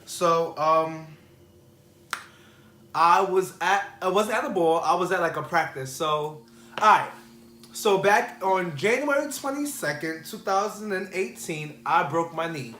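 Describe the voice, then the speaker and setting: A man's voice: high-pitched, expressive, unhurried, pushed and bright. A man vlogger telling a personal story in a casual, rambling way full of fillers. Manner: rambling, filler-heavy, restarts. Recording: echoey room.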